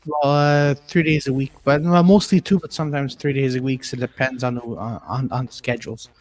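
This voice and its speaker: A man's voice: medium pitch, steady tone, fairly quick, darkish tone. A man, a comedian, chatting on a live video call show, rambling and hesitant. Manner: hesitant, rambling with many fillers. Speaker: comedian and podcast co-host.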